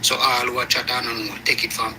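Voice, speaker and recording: A man speaking in a hushed, half-whispered way, heard in a replayed clip. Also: mid-range voice, flat delivery, a little fast. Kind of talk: interview clip. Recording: noisy replayed video clip.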